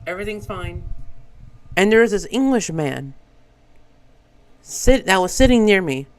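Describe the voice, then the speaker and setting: High-voiced young man telling a story. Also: a little slow, poor audio. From Brazil. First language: Portuguese. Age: young adult. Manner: animated, swears a lot. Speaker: vtuber streamer. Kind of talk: casual storytelling.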